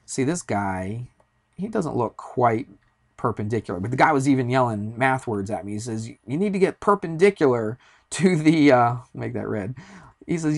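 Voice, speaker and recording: A man teaching a math class, explaining slope in a chatty, storytelling way with asides. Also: mid-range voice. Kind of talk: classroom lecture with a personal story.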